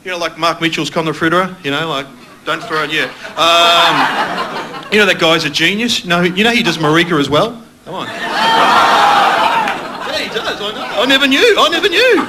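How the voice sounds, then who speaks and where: A man's voice: on the high side, a little fast, heavy background noise. A man with an Australian accent doing rambling, self-mocking stand-up comedy and crowd work on a TV studio stage. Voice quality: rambling, chatty, self-mocking, laughing at his own lines. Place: TV studio stage with live audience.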